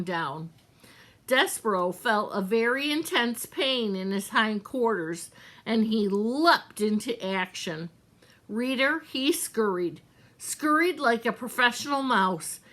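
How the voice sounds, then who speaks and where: A young woman reading a children's novel aloud as a gentle storyteller, speaking directly to the listener. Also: fairly high pitch. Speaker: children's book reader.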